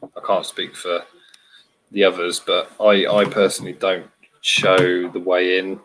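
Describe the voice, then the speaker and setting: A man's voice: low voice, little pitch movement, unhurried, fairly bright tone, a little hiss or hum, poor audio. A man from Britain chatting casually about exploring, explaining his views steadily. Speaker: urban explorer in a group chat. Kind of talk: casual chat.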